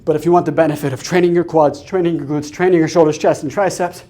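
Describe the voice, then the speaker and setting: A man coaching a kettlebell workout, explaining each step clearly and energetically as he demonstrates. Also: on the high side, fairly even intonation, quick pace, warm tone. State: out of breath during demonstrations. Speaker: fitness coach. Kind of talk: instructional demonstration.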